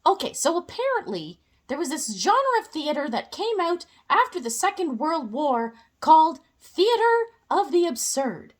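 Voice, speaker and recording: A woman's voice: high voice, sing-song, normal speed, few pauses. A young woman giving a casual, playful explainer with jokey asides.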